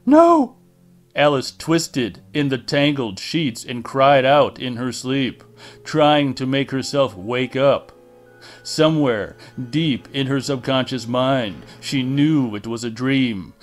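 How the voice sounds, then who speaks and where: A man reading a horror novel aloud in a deliberate, dramatic narration style. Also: mid-range voice. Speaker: audiobook reader.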